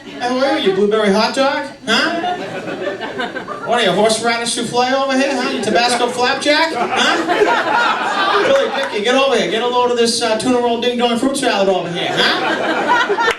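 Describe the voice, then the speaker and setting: Man doing a Boston accent, brash tough guy, loud, barking insults, roomy live club. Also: very high voice, very animated, normal speed, pauses often, far from the mic, over a noisy crowd, voice pushed up. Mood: taunting.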